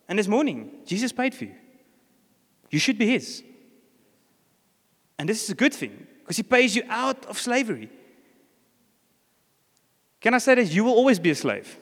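A man's voice: high voice, very animated, normal speed, long pauses, slightly rough. A man with a South African accent, preaching a sermon as pastor and telling a story with acted-out lines. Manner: storytelling, acts out characters' lines. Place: church. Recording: reverberant church hall.

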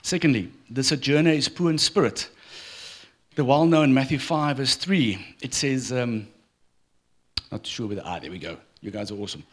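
A man's voice: medium pitch, normal speed. A middle-aged man preaching a sermon in church, telling stories with humor. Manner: storytelling with humor, lively delivery. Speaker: pastor.

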